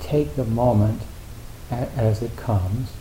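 A man's voice: mid-range voice, slow, warm tone. A man giving a Zen dharma talk, rambling and self-deprecating, with lots of filler words. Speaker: Zen teacher. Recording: echoey hall with faint hiss.

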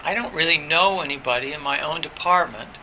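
A middle-aged professor talks through old memories with candid reflection. His voice sits a little high for a man and has a very bright, sharp edge. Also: fairly quick, a little hiss or hum, poor audio. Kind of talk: personal recollection in conversation.

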